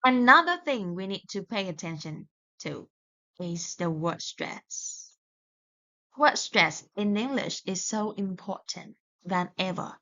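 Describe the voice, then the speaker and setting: A woman's voice: medium pitch, expressive, pushed and bright. A woman teaching English pronunciation in a recorded video lesson, saying example words one at a time and explaining plainly, with small restarts. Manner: slow, deliberate, modelling words one by one. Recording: dull lo-fi recording.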